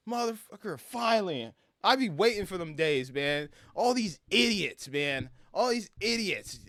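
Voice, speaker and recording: A man in his thirties from Brooklyn, telling stories in a casual, animated rant with lots of laughter and swearing over gameplay. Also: sits high, dry recording, clean studio sound. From Brooklyn, New York. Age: 30s. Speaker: gaming streamer.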